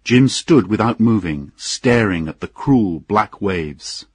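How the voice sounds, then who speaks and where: A man narrating an audiobook in an unhurried, expressive storytelling manner. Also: lowish voice, breathy edge, no echo, studio quality.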